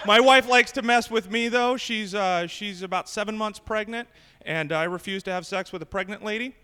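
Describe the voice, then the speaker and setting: A man's voice: high voice, normal speed, sharp tone, clean tone, in a large hall. A man in his thirties doing a stand-up comedy set on a club stage, delivering punchy jokes into a handheld mic. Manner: brash, punchy joke delivery.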